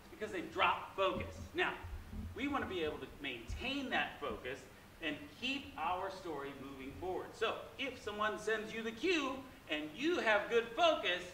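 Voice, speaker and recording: A man teaching an acting class, explaining warmup games with energy. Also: high voice, slight background noise. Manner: energetic, demonstrating animal sounds. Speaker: drama teacher. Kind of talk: classroom instruction. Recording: echoey room.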